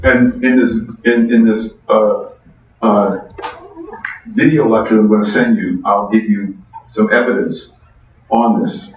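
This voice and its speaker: A middle-aged man giving a university economics lecture, conversational and animated, asking the class questions, recorded from far off in a large lecture hall. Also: fairly low pitch, slow, pauses often, slight background noise. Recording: distant echoey hall, dull sound.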